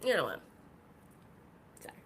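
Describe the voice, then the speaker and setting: A woman hosting a live podcast stream, talking in a heated, profane monologue that swings from soft to loud. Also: normal speed, slight background noise. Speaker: podcast host.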